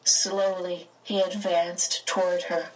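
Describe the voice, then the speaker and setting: A woman narrating a storybook aloud in a slow, expressive reading. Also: on the low side, distant mic, poor audio. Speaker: audiobook narrator.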